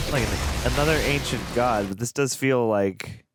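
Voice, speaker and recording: A man hosting a movie reaction, chatting casually, laughing often and cracking quick jokes. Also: mid-range voice, very noisy. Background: movie soundtrack playing.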